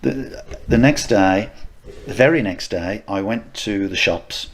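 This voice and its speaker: A man, co-hosting a podcast, telling stories in a casual, animated way. He stammers on restarts and laughs often. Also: lowish voice, a little slow, slight background noise. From United Kingdom. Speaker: podcast co-host, martial arts instructor. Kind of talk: casual anecdotal chat.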